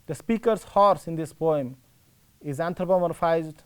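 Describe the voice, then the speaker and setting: A male teacher with an Indian English accent, giving a slow, explanatory classroom lecture and rephrasing his points. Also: a little high, clean tone.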